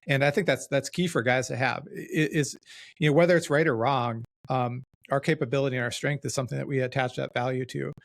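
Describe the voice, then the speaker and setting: Podcast host: man, gravelly voice, reflective and self-deprecating, casual, dry close sound. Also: medium pitch, steady tone, fast, no room sound. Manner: reflective, self-deprecating, talks in loose restarts.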